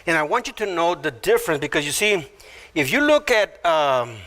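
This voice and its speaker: A pastor preaches a sermon, teaching unhurriedly verse by verse. He's animated, acting out quoted voices with sudden jumps into high pitch.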